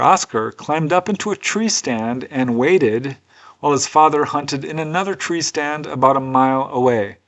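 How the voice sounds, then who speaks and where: A man presenting case studies as a researcher, telling each story in an earnest, conversational way with personal asides. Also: on the high side. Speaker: UFO researcher and author presenting cases. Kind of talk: unscripted storytelling narration.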